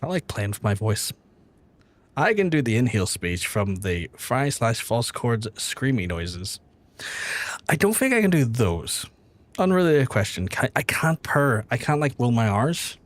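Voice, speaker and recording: Rambling, profane young man streaming games. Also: on the low side. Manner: rambling, profane, talks straight to chat. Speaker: game streamer. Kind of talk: casual game-stream chat.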